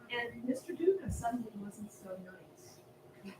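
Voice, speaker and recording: Animated woman storyteller at a family service; high voice, far off in an echoey hall. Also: unhurried, a little hiss or hum. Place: temple hall.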